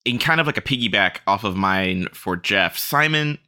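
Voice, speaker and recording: Bright-voiced man hyping a friend. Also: fairly low pitch, lively intonation, moderate pace, clean tone. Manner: hyped, enthusiastic shout-outs. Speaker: podcast co-host. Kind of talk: casual podcast chat.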